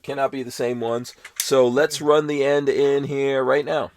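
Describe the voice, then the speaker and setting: A man's voice: mid-range voice, level tone, unhurried, hardly any pauses, over music. A man hosting a podcast, chatting casually and signing off the show to his listeners, laughing easily. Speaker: podcast host. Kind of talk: casual chat and show sign-off.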